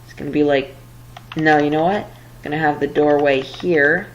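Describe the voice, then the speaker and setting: A woman's voice: deep voice, fairly even intonation, normal speed, lo-fi sound, a little hiss or hum. A woman giving casual let's-play commentary while building, rambling and a little flustered, tired late at night. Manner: rambling, flustered, self-deprecating. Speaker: gameplay commentator.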